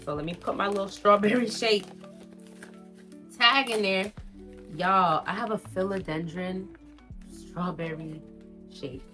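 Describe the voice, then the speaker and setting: A woman's voice: mid-range voice, unhurried, long pauses, soft background music. Gushing young woman unboxing plants. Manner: gushing, excitable, talks straight to viewers. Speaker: plant vlogger. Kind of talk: casual unboxing vlog.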